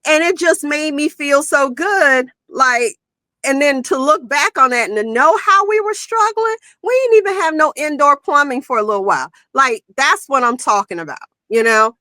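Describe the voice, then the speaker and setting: A woman's voice: high voice, lively intonation, normal speed, sharp tone, no room sound. Heartfelt woman, dry sound. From South Carolina, US. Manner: reflective, heartfelt, many "you know"s. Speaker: guest. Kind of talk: emotional personal storytelling.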